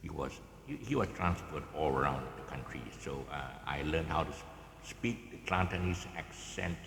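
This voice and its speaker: A very low-voiced man with a Malaysian English accent chats his way through a guitar lesson, his pitch swinging widely. He halts, restarts and chuckles often. The sound rings with a long echoey reverb over faint background ambience. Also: expressive, gravelly, fairly bright tone, a little hiss or hum. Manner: halting, many fillers and restarts, chuckles often. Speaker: guitar teacher. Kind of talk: casual rambling tutorial chat. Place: outdoors, in the open.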